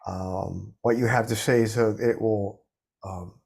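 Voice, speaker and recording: A man giving spiritual guidance on a video call, measured and gentle, sometimes restarting as he searches for words. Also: lowish voice, fairly even intonation, gravelly, slightly rough. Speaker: spiritual intuitive giving a reading.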